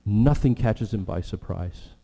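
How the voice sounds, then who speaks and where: A man preaching a sermon as pastor, earnest, with animated stretches and hushed prayerful moments. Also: fairly low pitch, unhurried, gravelly. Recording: long hall reverb.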